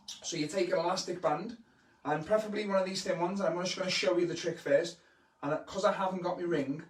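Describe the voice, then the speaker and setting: A man, a children's entertainer, teaching kids magic tricks in a bouncy, teasing live stream, filmed on a camera held by his wife. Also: on the high side. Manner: bouncy, exaggerated, playfully teasing the young audience. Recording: echoey room, voice from the camera's distance.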